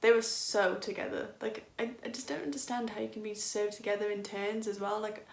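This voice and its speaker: Chatty, gravelly young woman reacting to dance. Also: mid-range voice, steady tone, brisk, reverberant. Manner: enthusiastic, rambling, laughs often. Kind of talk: casual reaction chat.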